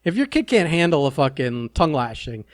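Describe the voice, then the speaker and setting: A man's voice: fairly high pitch, big pitch swings, a little fast. A man co-hosting a podcast in casual chat, trading crude, wisecracking banter. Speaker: podcast co-host.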